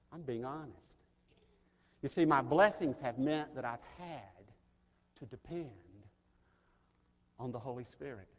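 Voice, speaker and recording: A middle-aged pastor from Mississippi, preaching an earnest, personal sermon that swells in intensity. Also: male voice, mid-range voice, lo-fi sound. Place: large chapel. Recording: chapel recording with long reverb.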